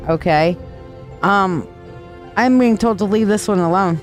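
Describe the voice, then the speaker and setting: A chatty woman gives tarot readings on a live stream. Her voice sits at an ordinary middle pitch and her talk is affectionate and loose. Soft music plays faintly behind her. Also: unhurried. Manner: chatty and affectionate, calls viewers sweetheart; folksy, loose and rambling.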